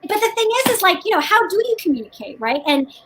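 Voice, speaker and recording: A woman's voice: extremely high pitch, very animated, quick pace, a bit bright, low-quality recording. A woman co-hosting a casual book chat over a video call, rambling with many restarts and frequent laughter. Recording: faint background noise.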